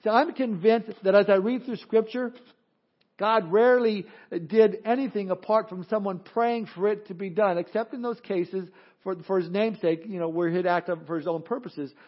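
A man's voice: high voice, normal speed, muffled recording. A male pastor preaching an earnest, emphatic sermon. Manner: earnest, emphatic, repeats words in restarts.

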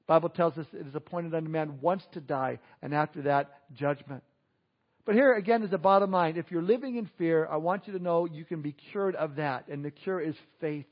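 Pastor, man, high voice, animated storyteller, dull recording. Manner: lively storytelling preacher, dips quiet for emphasis. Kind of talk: Easter sermon. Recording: dull lo-fi audio.

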